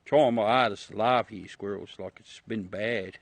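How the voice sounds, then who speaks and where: A man's voice: on the low side, normal speed, gravelly, no echo. A middle-aged man with an Australian accent, chatting casually to his livestream viewers outdoors at night, laid-back, chuckling and swearing freely. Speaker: livestream host. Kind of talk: casual rambling chat to viewers.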